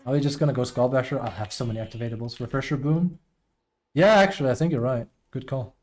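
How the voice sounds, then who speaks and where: A man's voice: medium pitch, fast talker, warm tone. A man streaming a team game and commenting as he plays, often venting about a teammate and sometimes trailing off under his breath. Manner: frustrated, complaining about a teammate. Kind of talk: live gameplay commentary.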